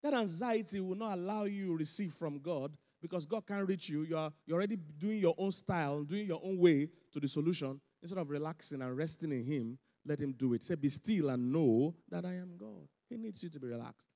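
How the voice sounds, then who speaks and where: A man preaching, his voice pitched high for a man. He drives his points home through animated repetition, and his voice rings out with the long reverb of a large church hall. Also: a little fast, few pauses. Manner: animated, laughing, emphatic repetition. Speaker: pastor. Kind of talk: sermon.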